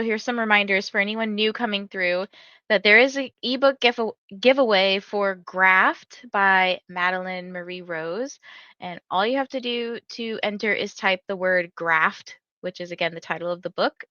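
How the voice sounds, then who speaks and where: Young woman, livestream host, casual storytelling, many fillers, bright tone. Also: medium pitch, no echo, lo-fi sound. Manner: chatty storytelling, many "like" fillers, laughs often. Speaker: livestream host of reading sprints. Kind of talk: casual chat to livestream viewers.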